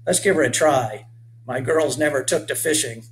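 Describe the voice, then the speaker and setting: A man's voice: mid-range voice, normal speed, slight background noise, close to an everyday voice. A man voicing a jolly, teasing old grandfather in a children's story.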